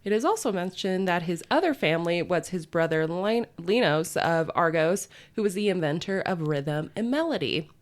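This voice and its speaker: A woman co-hosting a podcast retells a myth in loose, chatty conversation, full of fillers and frequent laughter. Her voice is lowish and expressive, moving at a moderate pace with hardly any pauses.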